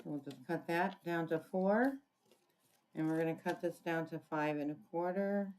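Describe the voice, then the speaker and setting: A woman with a low voice walks through a crafting tutorial at her desk. She talks casually and thinks aloud as she works, pausing to clear her throat. Faint clicking sounds come from her tools in the background. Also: background noise. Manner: chatty, thinking aloud while working, frequent throat clearing. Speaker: papercraft demonstrator.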